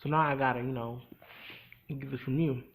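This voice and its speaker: A man's voice: mid-range voice, steady tone, normal speed, lightly acted. A man voicing a grown man who hurriedly rambles through an explanation, close to his own voice. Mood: explaining.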